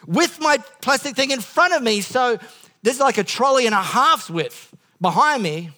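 Preaching as the pastor, a man with an Australian accent and a very high-pitched, expressive, sharp voice meanders at a moderate pace through funny stories. He's a self-interrupting storyteller, full of asides and restarts.

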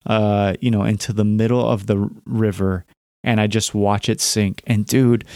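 A man's voice: fairly low pitch, a little mellow, no echo, clean studio sound. A man in his thirties hosting a podcast, telling a personal story in a candid, rambling way with many fillers and restarts. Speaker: podcast host. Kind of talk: casual storytelling monologue.

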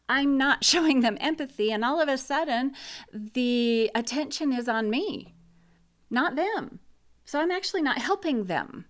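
Blunt woman with a smooth voice. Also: a little high, fairly bright tone. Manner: blunt and opinionated. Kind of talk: casual talk on grief.

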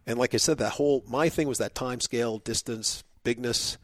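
A man of middling pitch chats casually and tells an animated story, slipping into other voices for quotes. The sound is dry and close, with no room behind him. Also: normal speed, dry recording. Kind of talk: casual chat.

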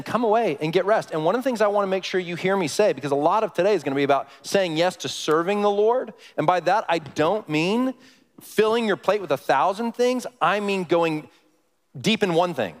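A male pastor giving a conversational sermon, often putting questions to the congregation. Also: on the high side. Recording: long hall reverb.

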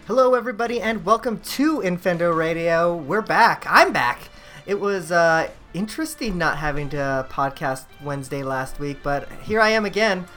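A man's voice: high voice, lively intonation, normal speed, sharp tone, soft background music. A man hosting a casual gaming podcast, upbeat and chatty, laughing easily with his co-hosts. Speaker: podcast host.

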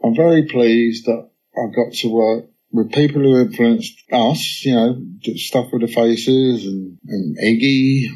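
A man's voice: mid-range voice, unhurried, low-quality recording. A man, telling casual anecdotes as a guest in an on-stage conversation, peppered with "you know". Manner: chatty anecdotes, frequent "you know", quotes others in lively bursts. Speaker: interview guest, musician.

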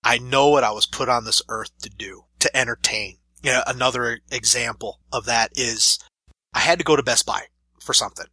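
Brief: thirties man, wrestler guest, lively storyteller, bright tone, dry close sound. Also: mid-range voice, moderate pace, breathy edge, no echo. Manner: animated storyteller, laughs through stories. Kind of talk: casual interview storytelling.

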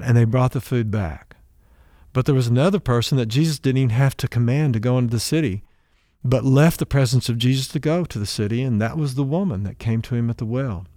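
Male preacher, conversational storyteller; mellow, warm voice, dry close sound. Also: medium pitch, no room sound. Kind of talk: sermon with story retelling.

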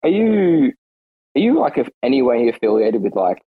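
A man's voice: very animated, normal speed, breathy edge, narrow, tinny audio. Teasing man chatting from home. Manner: teasing, playful, swears, jumps to high pitch when joking. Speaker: regular in the chat. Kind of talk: casual chat on a live audio space. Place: inside his house.

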